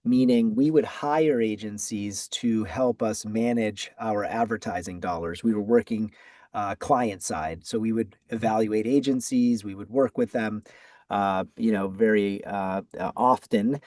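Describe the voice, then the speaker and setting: Interviewed as a guest, this Boston-accented ad agency founder from Massachusetts is middle-aged and replies with measured care, often saying um and starting over. His pitch is fairly low and his tone darkish, with no room sound in the recording.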